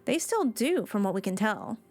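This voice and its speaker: A woman's voice: medium pitch, very animated, moderate pace, a little mellow. A woman reading aloud the lines of a worried female villager asking for help, in an earnest, polite manner. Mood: pleading.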